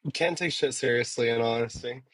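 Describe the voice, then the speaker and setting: Slightly hoarse man chatting casually. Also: medium pitch, fast talker, fairly bright tone, no room sound. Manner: laid-back, rambling storytelling with many fillers. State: a little hoarse. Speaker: podcast co-host. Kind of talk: casual chat.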